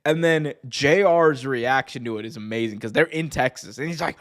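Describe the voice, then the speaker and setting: A man hosts a wrestling podcast in casual chat, excited and laughing, stumbling as he restarts sentences and shouting out commentators' famous lines. His voice is a little high, moving at a moderate pace with hardly any pauses.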